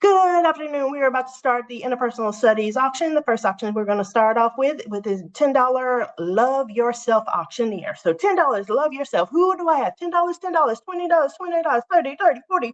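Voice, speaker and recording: A woman's voice: high-pitched, expressive, quick pace, hardly any pauses, lo-fi sound, pitched above the performer's own voice. A woman putting on the voice of an upbeat auctioneer, calling out bids and repeating the numbers. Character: brisk upbeat female classroom auctioneer.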